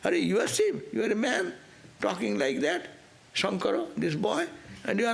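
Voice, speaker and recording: A man's voice: high-pitched, big pitch swings, moderate pace, creaky. A man giving a spiritual class talk as a swami, earnest and questioning, with rising emphasis. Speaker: swami teaching scripture.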